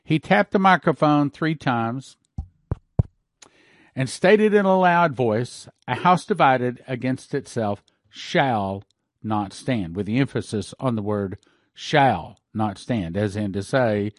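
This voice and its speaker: A man's voice: medium pitch, no room sound. Male preacher, reads dream accounts then comments, dry close mic. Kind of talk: sermon reading and commenting on dreams.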